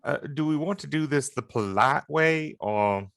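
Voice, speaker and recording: A man speaks slowly as a player in a tabletop game. He is hesitant and polite. The sound is dry and close. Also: on the high side, animated, vocal fry, fairly bright tone, dry recording. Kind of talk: casual tabletop play.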